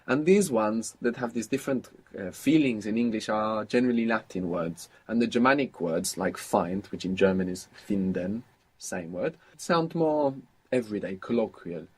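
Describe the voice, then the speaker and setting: A man's voice: lowish voice, lively intonation, normal speed, a little mellow, slightly rough. A man teaching a language lesson, patiently prompting his students and explaining words step by step.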